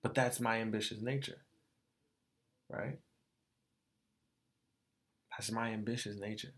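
A young adult man hosts his own podcast, delivering a candid, profane monologue as he vents tearfully and repeats phrases. His voice is on the low side and fairly bright in tone, with a steady delivery at a slow pace.

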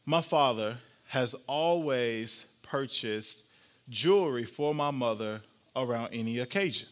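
Higher-voiced man preaching a story. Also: a bit bright. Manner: storytelling, conversational, playful with the congregation. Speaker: pastor. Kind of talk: sermon.

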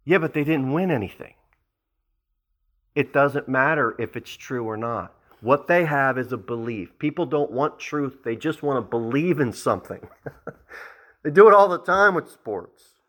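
Lively, animated male preacher. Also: mid-range voice, moderate pace. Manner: animated preacher acting out quoted people. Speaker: pastor. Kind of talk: verse-by-verse sermon.

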